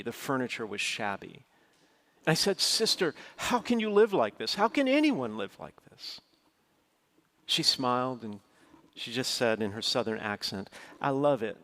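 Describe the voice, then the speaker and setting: A man's voice: medium pitch, fairly bright tone. A middle-aged man preaching a sermon, telling a personal story in an earnest, storytelling way, his voice rising sharply when he quotes his own words. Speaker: pastor.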